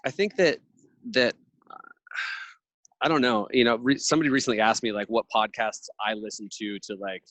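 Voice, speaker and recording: A reflective man in his thirties talks in long, earnest stretches, with a slightly low voice. He sounds close and dry, with no room sound around him. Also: steady tone, normal speed, pauses often, fairly bright tone, dry recording, poor audio. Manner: earnest, reflective, speaks in long thoughtful runs. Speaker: podcast guest. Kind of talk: casual conversational interview.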